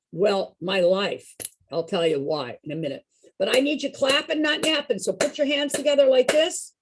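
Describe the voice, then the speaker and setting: A woman's voice: on the high side, background noise. A woman leading a group activity session over a video call, talking in a playful, chatty and encouraging way. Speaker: activity leader.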